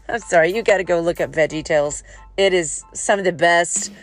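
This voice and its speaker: A woman's voice: lowish voice, a little fast, soft background music. A woman host giving a casual devotional talk, chatty and joking and going off on tangents. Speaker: audiobook narrator.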